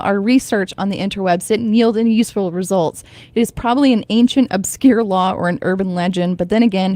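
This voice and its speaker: In a radio studio, a woman hosts a morning show, chatting casually, reading items aloud, and laughing often. Her medium-pitched voice has a dark tone, captured on a studio microphone with no echo.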